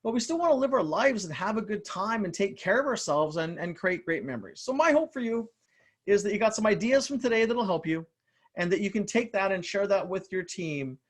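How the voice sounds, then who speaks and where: Energetic male motivational speaker, high voice, stumbles and repeats words, talks straight to "you guys" over a video call. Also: brisk. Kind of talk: live online motivational talk.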